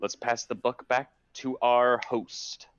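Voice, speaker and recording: A man's voice: mid-range voice, level tone, takes it slowly, fairly bright tone, highs cut off, slight background noise. A man joking around as a streamer guest, playful and swearing, slipping into a mock accent. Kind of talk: casual banter, jokey.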